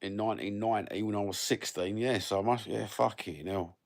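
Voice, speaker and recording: Deep-voiced sweary bloke in his fifties. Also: fairly quick, vocal fry, darkish tone. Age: 50s. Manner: sweary, blokey banter with lots of fillers. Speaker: livestreamer reading viewer comments. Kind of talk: casual rambling chat.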